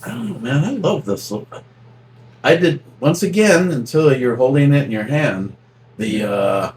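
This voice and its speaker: A man co-hosting a relaxed chat, teasing his friend and telling stories. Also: mid-range voice, unhurried. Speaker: podcast co-host. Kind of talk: casual chat about knives.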